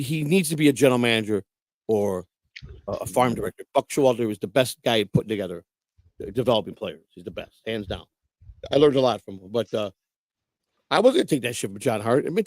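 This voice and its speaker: A man's voice: mid-range voice, expressive, brisk, no echo. A man telling rambling, profane stories in casual talk, repeating himself and restarting often. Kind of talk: casual storytelling.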